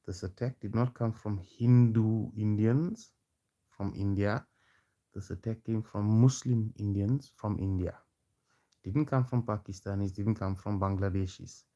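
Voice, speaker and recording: Dark-voiced man ranting. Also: on the low side, a little slow. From South Africa. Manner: taunting, challenging, repeats himself. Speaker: protester. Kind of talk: confrontational street rant.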